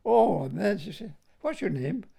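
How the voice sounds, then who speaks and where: A sing-song, high-sitting voice with vocal fry, husky and warm, comes from an older Scottish war veteran speaking a little slowly. He reminisces in an interview, chuckling and regularly adding "like, you know."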